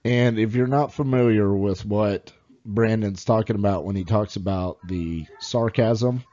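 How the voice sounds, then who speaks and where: A man's voice: lowish voice, measured pace, warm tone. A man hosting a podcast interview, asking questions and telling stories in an easygoing way. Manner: easygoing storyteller. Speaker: podcast host. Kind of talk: casual interview talk. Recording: dull lo-fi audio.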